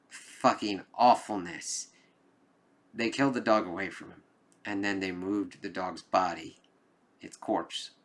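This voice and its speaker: A man's voice: low voice, pushed and bright. A man giving a casual spoken movie review, rambling with lots of fillers and occasional emphatic cursing. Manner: rambling, loose, lots of "like" and "kind of". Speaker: film reviewer.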